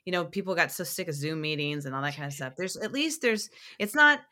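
A woman's voice: on the low side, brisk. A young woman guest on a podcast, chatting casually and telling stories with lots of restarts and fillers. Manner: animated storyteller, many restarts and fillers. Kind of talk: casual interview chat.

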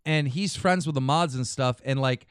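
A man hosting a podcast, telling stories in a profane, animated way. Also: mid-range voice, normal speed, clean tone, dry recording, studio quality. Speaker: podcast host. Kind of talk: casual podcast chat.

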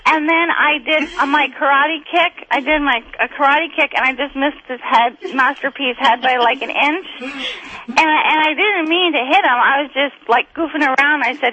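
Bright high-voiced woman, rambling and excitable. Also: normal speed, low-quality recording. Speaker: guest comedian. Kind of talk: chatty phone interview storytelling.

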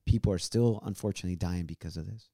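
A man's voice: low voice, quick pace, dark tone, no echo. A man, talking earnestly in a casual heartfelt chat from a home studio. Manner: earnest, mixes in Spanish words. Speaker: co-host.

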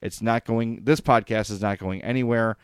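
A man hosts a hockey podcast, chatting enthusiastically, reading sponsor plugs, and at times getting choked up. His lowish, smooth voice has fairly even intonation and a moderate pace, recorded at studio quality with no room sound.

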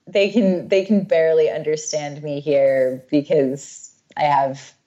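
Woman, lowish voice, slow pace, relaxed podcast co-host chat. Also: dull audio. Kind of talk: casual chat.

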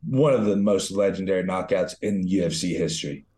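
A man's voice: low voice, fairly quick, warm tone. A man co-hosting a casual podcast chat, laid-back and enthusiastic, swearing casually. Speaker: co-host, retired fighter. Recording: roomy echo.

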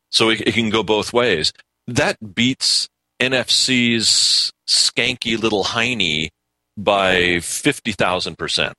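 Bright-voiced opinionated man ranting. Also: lowish voice, takes it slowly, dry recording, low-quality recording. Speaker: tech pundit guest. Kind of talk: casual radio chat.

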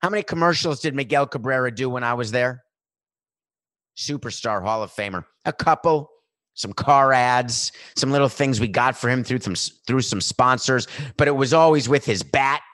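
Middle-aged male sports commentator, opinionated and emphatic, medium pitch, dead-dry recording. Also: normal speed, fairly bright tone, no echo. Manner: emphatic, repetitive, building lists. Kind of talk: opinionated monologue.

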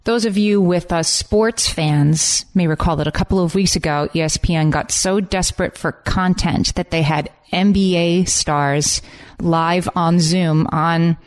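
A woman's voice: on the low side, steady tone, a little slow. A woman co-hosting a casual podcast chat, reading out listener stories in an upbeat, chatty way. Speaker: podcast co-host.

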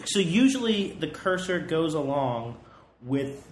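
A man's voice: on the high side, sing-song, a little hiss or hum. Guy rambling on a home podcast, lots of restarts, echoey apartment. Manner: rambling, halting, many restarts. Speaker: podcast co-host. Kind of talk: casual chat. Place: hot apartment. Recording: roomy echo with faint ambience.

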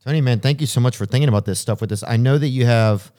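A male podcast host in casual chat, laid-back and relaxed. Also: mid-range voice, racing.

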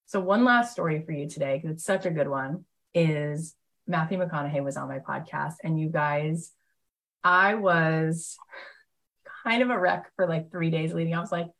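Lively, lower-voiced woman motivational speaker. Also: moderate pace, low-quality recording. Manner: animated storyteller, enthusiastic, chatty with many fillers. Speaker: motivational speaker and program host. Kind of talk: live motivational talk.

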